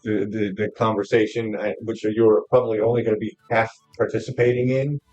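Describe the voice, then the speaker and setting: A man running a tabletop role-play game as game master, narrating haltingly with many pauses. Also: lowish voice, little pitch movement, a little mellow, no room sound, lo-fi sound, soft background music. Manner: halting, with many ums and restarts.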